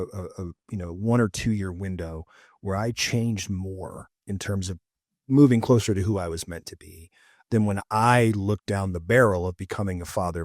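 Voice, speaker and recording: Low-voiced man hosting a podcast. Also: a little mellow, no echo, clean studio sound. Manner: reflective, personal, pauses to think. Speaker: podcast host. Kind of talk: casual interview chat.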